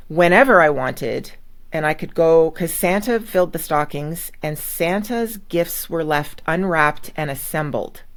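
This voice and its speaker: A woman hosting a podcast, chatting casually and steering the talk between guests. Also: sits low. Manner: relaxed, steers the conversation. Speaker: podcast host. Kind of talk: casual chat.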